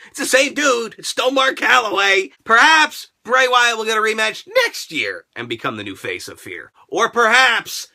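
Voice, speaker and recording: An excitable man hosts a crude wrestling review and keeps bursting into shouts. His voice is very high and piercingly bright, with a gravelly fry underneath. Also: normal speed, few pauses. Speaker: host. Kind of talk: casual profane wrestling review.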